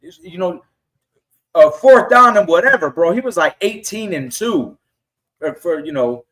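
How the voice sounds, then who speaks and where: A middle-aged man with a slightly high voice tells stories on a casual podcast. He jumps into quoted lines and voices the people he talks about. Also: moderate pace. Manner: animated storyteller acting out quotes. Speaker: guest fan.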